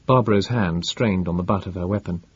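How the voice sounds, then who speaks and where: A man reading an audiobook in a measured, dramatic narration. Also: low-pitched, breathy edge, highs cut off.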